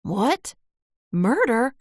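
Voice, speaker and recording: A woman voicing an excitable, chatty small-town woman who talks in eager exclamations. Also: a little high, a little slow, no room sound, studio quality. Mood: indignant.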